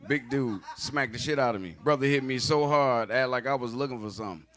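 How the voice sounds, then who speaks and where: A man's voice: medium pitch, brisk, fairly bright tone. A man doing a stand-up comedy set, telling stories in a loose, profane, conversational way.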